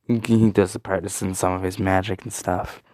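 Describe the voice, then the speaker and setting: A man's voice: low voice, level tone, moderate pace, darkish tone, no room sound, studio quality. A young man casually telling a fan story, rambling with lots of fillers and swearing.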